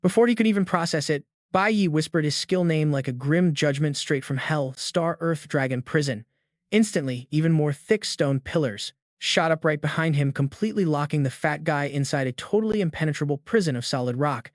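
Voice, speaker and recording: Dude narrating a comic recap all dramatic, kinda high voice, dry close sound. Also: male voice, animated, fairly quick, hardly any pauses, no echo. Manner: dramatic, emphatic storytelling.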